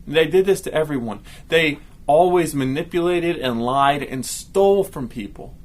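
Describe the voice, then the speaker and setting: A man's voice: a little high, moderate pace. Chatty man teaching kids. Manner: lively and chatty, often ends with "right?". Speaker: children's pastor. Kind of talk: kids' Bible lesson, casual.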